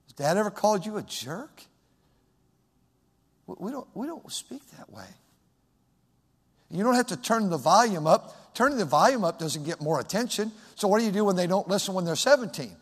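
A man preaching a sermon as pastor, swinging from loud shouted emphasis to soft, hushed asides. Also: high-pitched, animated, quick pace, husky. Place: church sanctuary. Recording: long hall reverb.

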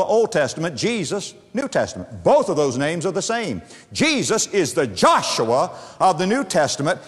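A man preaching a sermon, building phrases with dramatic rises and drops and repeating key words for emphasis. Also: high-pitched. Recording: long hall reverb.

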